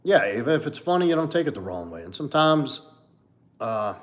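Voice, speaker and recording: Very animated at a medium pitch and normal speed, this coach in his forties answers livestream viewers' comments casually, bluntly, candidly, and profanely, leaning on "like" and "you know."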